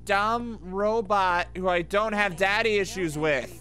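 Profane, excitable woman streamer. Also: medium pitch, slow, poor audio. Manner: profane, excitable, mocking, talks to the game. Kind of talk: let's play commentary. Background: loud game music.

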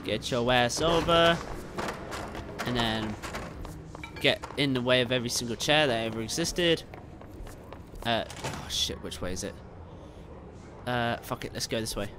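Excitable swearing young man gaming. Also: mid-range voice, unhurried, pauses often, noisy background. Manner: excitable, swearing, yelling at enemies. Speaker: gameplay streamer. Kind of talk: live gameplay commentary.

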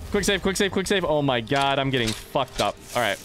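A man's voice: medium pitch, very animated, a little fast, hardly any pauses, over loud music. Joking, rambling young man streaming games. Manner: rambling, joking and swearing, chatting to viewers. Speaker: let's play streamer. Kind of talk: live gameplay commentary.

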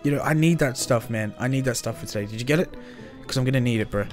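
A young man hosting an improvised game roleplay, talking in an excitable, slangy way and swinging between loud cheers and low mutters. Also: fast talker. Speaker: roleplay host. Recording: faint music behind.

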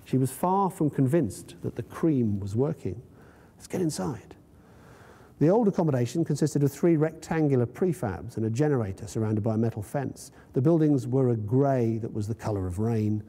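A man reads his own story aloud in a university room, measured and vivid. His voice is very dark and husky, and a long reverb trails each phrase. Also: mid-range voice, lively intonation. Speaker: author reading his story. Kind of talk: literary reading. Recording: long reverb in a lecture hall.

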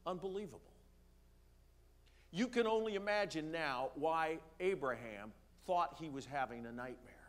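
A pastor preaching in a church, reading scripture aloud and slowing down to stress key words, with the odd filler. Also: male voice, on the high side, expressive, fairly bright tone. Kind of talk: sermon reading and explaining scripture. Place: church sanctuary.

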